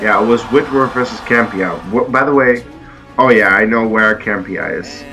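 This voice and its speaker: A man's voice: fairly low pitch, pushed and bright, faint music behind, low-quality recording. A man co-hosting a reaction video, chatting casually and eagerly calling out trivia answers. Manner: eager trivia fan, quick to supply answers. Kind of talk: casual chat over played footage.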